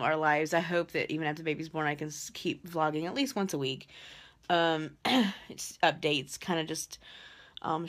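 A young woman talks into a handheld phone in a room at home, a little out of breath and pausing often with "um" and "uh". Her voice sits somewhat low and she chats in a loose, rambling way. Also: a bit bright. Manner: chatty, halting with many fillers. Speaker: vlogger. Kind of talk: casual vlog chat. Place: nursery at home, indoors. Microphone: phone held while walking.

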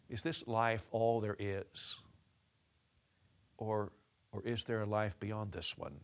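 A man preaching a sermon as a story, talking with many restarts and changing his voice for quoted lines. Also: fairly low pitch.

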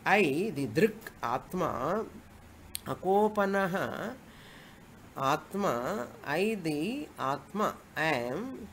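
A woman's voice: lowish voice, big pitch swings, extremely slow, long pauses, slight background noise. A woman spiritual teacher, explaining scripture patiently and repeating Sanskrit verse phrases as she goes. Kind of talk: scripture lecture.

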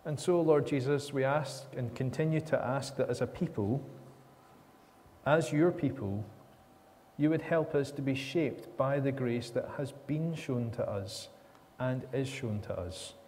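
A man's voice: medium pitch, measured pace, warm tone, slight background noise. A man leading a church service, praying earnestly in flowing, repeated phrases. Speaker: minister leading worship. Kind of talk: spoken prayer. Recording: reverberant church with faint ambience.

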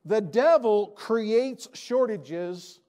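A pastor preaches to his church in a high-pitched man's voice. He presses his points hard and repeats his key lines for emphasis. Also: lively intonation, drawn-out words, a little mellow. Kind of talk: sermon. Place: church sanctuary.

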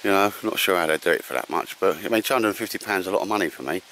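Deep-voiced chatty man outdoors. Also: lively intonation, racing, a bit bright, slight background noise. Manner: chatty, slangy, keeps saying ladies and gents. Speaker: vlogger. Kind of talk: casual camping vlog walkthrough. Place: outdoors at a campsite.

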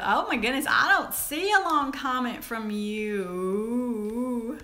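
A woman hosting a casual live chat, reading viewer comments aloud and gasping and squealing over small toys. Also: slow. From Southern United States. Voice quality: giggly, exclamatory, high and animated. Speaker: live stream host.

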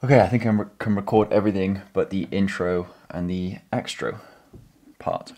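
A man's voice: low voice, steady tone, moderate pace, darkish tone. A man vlogging from his small home office, thinking aloud and rambling with self-corrections. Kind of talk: casual vlog talk.

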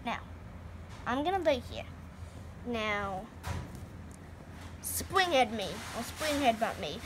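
A woman's voice: fairly high pitch, animated, slow, background noise. A woman voicing a friendly young male space hero who talks eagerly, with many fillers and restarts. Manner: chatty, hesitant with many fillers.

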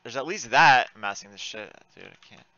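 A man with a bright, sharp voice gives live commentary on his own gameplay. He swings widely in pitch, curses freely and bursts out loud when things go wrong. The recording sounds a little dull and lo-fi. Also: fairly quick, no room sound. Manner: frustrated, swearing, excitable outbursts. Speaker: gamer playing online.

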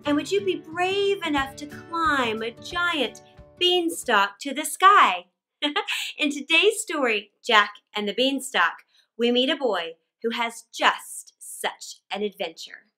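A woman reading a classic fairy tale aloud for children, expressive and animated, with dramatic gasps. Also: high-pitched, takes it slowly, faint music behind. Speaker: children's storyteller. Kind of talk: read-aloud storytelling for children.

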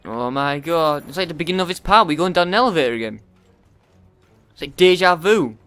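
A man giving profane let's play commentary, often yelling at the game in frustration. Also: a little high, lively intonation, a little fast, clear, resonant tone, dry recording, soft background music. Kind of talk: gameplay commentary.

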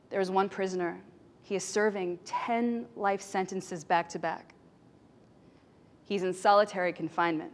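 A woman giving a talk on stage, telling emotional stories dramatically and swinging between loud passages and hushed ones. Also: medium pitch, fairly even intonation, moderate pace. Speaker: speaker.

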